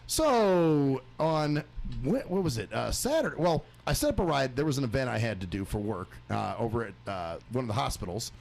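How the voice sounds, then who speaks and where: A man's voice: medium pitch, big pitch swings, normal speed, vocal fry, hardly any pauses. A man hosting a talk radio show, telling a long story as a crude, profane rant, often laughing and acting out other people's voices.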